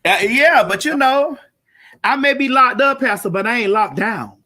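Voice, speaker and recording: Woman host, brash, profane, high bright voice, live stream over a video call. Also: expressive, normal speed. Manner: loud, brash, cussing, hyping the audience. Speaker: show host.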